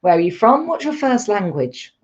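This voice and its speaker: A woman's voice: medium pitch, big pitch swings, normal speed, highs cut off. A woman teaching a live online English lesson, patient and encouraging as she explains step by step.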